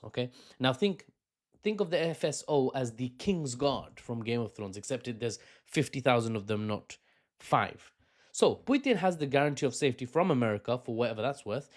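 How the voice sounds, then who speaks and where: A man hosting a political commentary vlog, talking in a conversational, opinionated way with asides and self-corrections. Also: medium pitch. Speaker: news commentary host.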